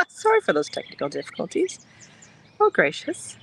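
Soft-spoken woman livestreaming outdoors. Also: mid-range voice, huge pitch swings, a little slow, vocal fry, slight background noise. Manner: chatty, reassuring, rambling. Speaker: crochet designer hosting a livestream. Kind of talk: casual livestream chat. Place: outdoors in the sun. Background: birds chirping.

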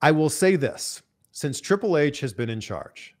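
An unhurried Canadian man with a fairly high voice, a TV host and entertainment reporter, speaks as a guest in a casual interview. He sounds animated and enthusiastic, peppering his upbeat talk with lots of "like."

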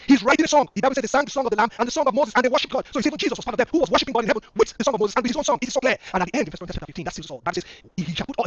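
A man's voice: high-pitched, a bit bright, no echo, lo-fi sound. A man making an impassioned case in a debate, pressing point after point and stumbling over restarts. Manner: impassioned, rapid-fire argument with repeated restarts. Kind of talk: online debate argument.

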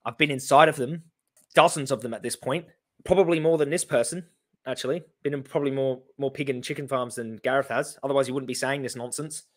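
A man in his thirties with an Australian accent, reacting to his own TV debate with animated, sarcastic commentary. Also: mid-range voice, quick pace. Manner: animated, sarcastic, laughing in disbelief.

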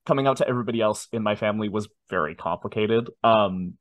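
A man in his twenties, telling a personal story in a casual interview with animated, self-deprecating asides. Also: on the low side, fast, no room sound, lo-fi sound. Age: 20s. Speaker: guest.

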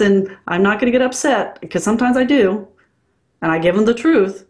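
A woman's voice: mid-range voice, moderate pace. A woman working as a dental consultant, speaking frankly and bluntly in a casual interview.

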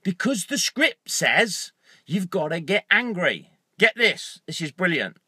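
Male vlogger in his car, high bright voice, dry close mic, lively storyteller who bursts into loud acted-out anger. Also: a little slow, breathy edge, no room sound. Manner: animated storyteller, acts out his own angry thoughts with loud outbursts and swearing. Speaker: motivational vlogger. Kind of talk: casual vlog, talking to camera. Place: inside a parked car. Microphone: handheld phone camera.

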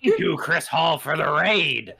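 A woman's voice: deep voice, animated, measured pace, vocal fry, fairly bright tone, husky. A woman joking around as a friend on a live reaction stream. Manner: playful, joking. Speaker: co-host friend. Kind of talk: casual banter on stream.

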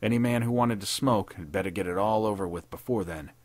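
A man narrating a 1930s pulp war story in a measured, dramatic reading. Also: fairly low pitch, a little mellow, dry recording. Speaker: podcast narrator.

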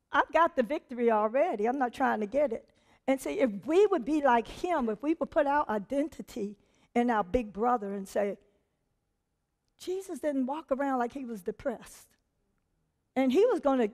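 A woman preaching a sermon in an animated, conversational way, laughing often and acting out quotes. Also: sits high. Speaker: preacher and teacher.

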